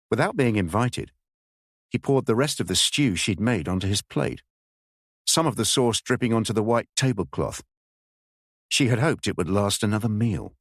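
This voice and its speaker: A man with a fairly low voice reads an audiobook in measured, expressive narration. His pitch rises and falls a great deal, and the sound is close and dry with no room echo.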